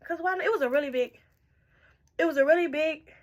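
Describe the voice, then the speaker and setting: A woman's voice: high voice, very fast, sharp tone. A tipsy young woman telling a storytime in casual, profane chat, jumping around as she goes. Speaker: storytime vlogger.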